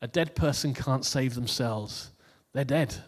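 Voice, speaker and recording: A man preaching in a relaxed, chatty way, chuckling at his own jokes and then reading scripture. His voice sits at an ordinary middle pitch. A long reverb tail hangs behind every phrase. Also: measured pace, slightly rough. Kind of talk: casual New Year sermon.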